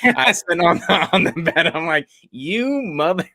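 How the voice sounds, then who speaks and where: Bright-voiced man telling a story. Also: on the high side, lively intonation, normal speed, vocal fry, no room sound. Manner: laughs often, self-deprecating storyteller. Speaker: podcast co-host. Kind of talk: casual chat, storytelling.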